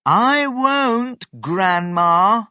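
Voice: mid-range voice, flat delivery, slow, a bit bright, dry recording, clean studio sound, pitched above the performer's own voice. A storyteller voicing a mischievous young boy in a storybook read-aloud, with a raised, eager tone.

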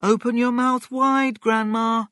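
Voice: mid-range voice, flat delivery, slow, a bit bright, no echo, clean studio sound, voice pushed up. A storyteller voicing a mischievous young boy in a storybook read-aloud, with a raised, eager tone.

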